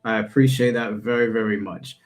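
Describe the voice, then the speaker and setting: A man's voice: on the low side, fairly even intonation, fairly quick. A man playing a tabletop game on a stream, chatting casually with stumbling restarts. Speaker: player and streamer. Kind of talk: casual chat.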